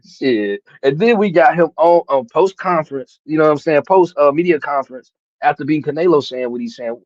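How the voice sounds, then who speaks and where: Black guy rambling about boxing, slightly high voice, muffled dead-dry mic. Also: a little fast, darkish tone, no room sound. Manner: rambling, repeats "you know what I'm saying", profane. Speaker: boxing podcast host. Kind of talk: casual chat.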